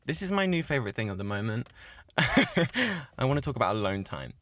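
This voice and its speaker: A man hosting his own podcast in casual chat, gushing and swearing a lot as he gets excited. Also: medium pitch, normal speed, no room sound. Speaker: podcast host. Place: cabin in the woods.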